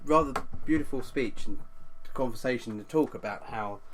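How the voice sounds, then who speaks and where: A man co-hosting a podcast who teases his friend in quick casual banter. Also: medium pitch, slight background noise, poor audio. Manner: quick, teasing. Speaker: podcast co-host.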